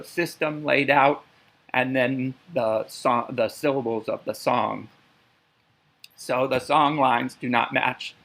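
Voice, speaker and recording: A man's voice: medium pitch, vocal fry, fairly bright tone, rough recording. A man giving a methodical language lesson, pronouncing syllables one by one. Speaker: language teacher. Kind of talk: instructional lecture.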